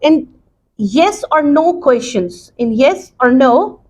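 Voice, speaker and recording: Slow, high-voiced woman teaching English. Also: expressive, a little mellow. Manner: slow, deliberate explaining with many pauses and repeats. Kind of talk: recorded classroom lesson.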